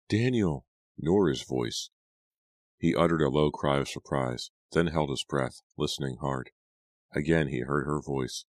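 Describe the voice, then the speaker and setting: Very deep-voiced male audiobook narrator. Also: no room sound, studio quality.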